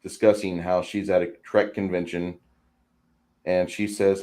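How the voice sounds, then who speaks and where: Deep-voiced male streamer, casual home chat, trips over his words. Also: level tone, unhurried, mellow. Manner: rambling, stammers and repeats words. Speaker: stream host. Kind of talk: casual chat while painting miniatures.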